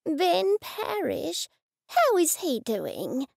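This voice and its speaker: A woman voicing a vague, rambling elderly man in his eighties in a storybook reading, speaking slowly and softly. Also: very high-pitched, wildly swooping pitch, creaky, dry recording, studio quality, pitched above the performer's own voice, heavily acted. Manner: slow, soft, rambling.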